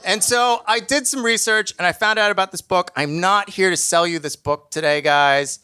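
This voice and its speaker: A man telling a comic personal story on stage, lively and self-mocking. His voice sits a little high and rings bright and sharp, and he plays his own fears for laughs. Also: moderate pace, clear, resonant tone.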